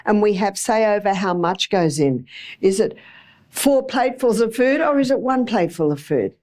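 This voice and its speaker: A woman's voice: medium pitch, animated, normal speed, a little mellow. A middle-aged woman giving a chatty health lecture to a live audience, with homely anecdotes and acted-out examples.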